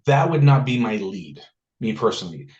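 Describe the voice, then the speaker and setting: A man's voice: fairly low pitch, sing-song, moderate pace, a little mellow, muffled recording. A man hosting a casual group discussion, telling jokey stories and asking for questions. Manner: joking storyteller. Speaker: notary meetup host.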